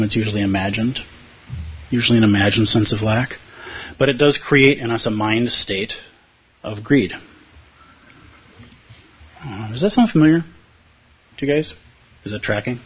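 Brief: male Zen teacher, husky, dull lo-fi room recording, casual talk to a group. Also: fairly low pitch. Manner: conversational, playful, acts out inner voices. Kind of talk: dharma talk. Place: meditation hall with a live audience.

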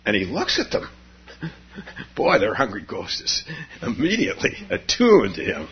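Chuckling male meditation teacher, lively. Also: fairly low pitch, unhurried, long pauses, husky. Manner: rambling storytelling, frequent chuckles. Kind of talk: dharma talk on retreat. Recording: dull lo-fi recording.

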